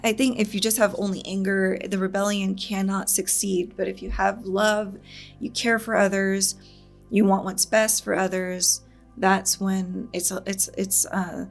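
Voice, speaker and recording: A woman's voice: medium pitch, creaky. A woman hosting a casual reaction video, talking in an earnest, reflective way and laughing often. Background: show soundtrack music.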